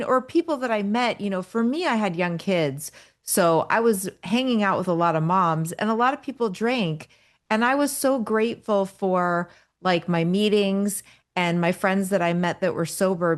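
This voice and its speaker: Woman host, mid-pitched, casual, stops and restarts while asking questions. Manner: halting, restarts and "like" fillers while framing questions. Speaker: podcast host. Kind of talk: casual interview chat.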